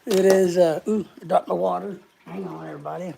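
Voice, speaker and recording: A woman's voice: lowish voice, steady tone, fairly quick, gravelly, dark tone, a little hiss or hum. A woman hosting a casual live stream, a little short of breath, rambling and greeting viewers one by one.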